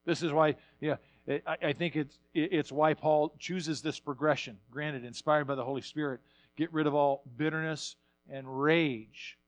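A male pastor preaching a sermon, repeating words as he builds up, swinging from quiet asides to loud bursts. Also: a little high, steady tone, normal speed, no echo.

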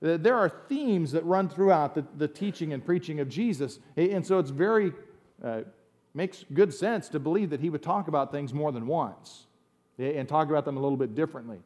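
A middle-aged man from the United States preaches in a relaxed, talky way, his slightly raised voice climbing into emphatic bursts to drive points home. He speaks as a pastor giving a sermon. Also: fairly high pitch, a little fast.

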